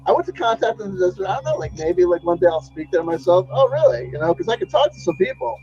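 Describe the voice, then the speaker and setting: A man's voice: high-pitched, sing-song, fast, a little mellow, breathy edge, dull audio, voice pushed up, full character voice. A man voicing a boastful fake secret space program scientist, interviewing himself in a mock-serious act. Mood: mock-bragging. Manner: mock-serious, playing both sides of an interview.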